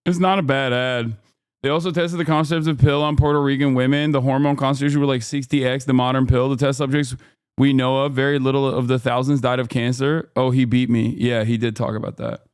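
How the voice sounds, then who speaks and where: A man's voice: medium pitch, little pitch movement, brisk, smooth, no echo, clean studio sound. A man hosting a live stream, chatting casually and joking back at his chat. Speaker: livestream host. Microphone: close streaming mic.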